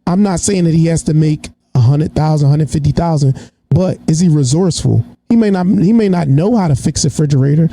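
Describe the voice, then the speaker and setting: Mellow-voiced man talking it through. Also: a little high, brisk, a little hiss or hum. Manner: reflective, reasoning out loud. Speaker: podcast co-host. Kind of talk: casual podcast discussion.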